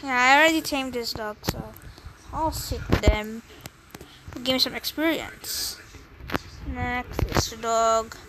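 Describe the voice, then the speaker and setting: A woman's voice: fairly high pitch, slow, pauses often, noisy background. A young woman chatting to herself while playing a game, easily flustered and apologetic. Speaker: game streamer. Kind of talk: casual gameplay commentary.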